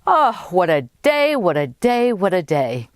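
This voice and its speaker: A smooth, effusive male con man who gushes and flatters, lifting his pitch with eager enthusiasm, as a woman storyteller puts him on. The delivery is animated and a little pushy, recorded close and dry. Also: a little slow, dry recording. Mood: weary.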